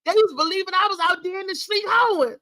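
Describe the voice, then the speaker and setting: A middle-aged woman hosting a talk show, telling a personal story in a candid, emphatic, animated way. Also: very high voice, fast talker, over a noisy crowd, rough recording.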